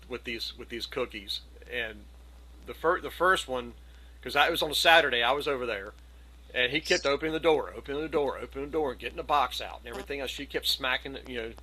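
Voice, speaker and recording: A middle-aged man telling a long, animated anecdote on a video call, slipping into the voices of the people in it. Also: mid-range voice, rough recording. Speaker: community gathering participant. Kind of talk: casual storytelling.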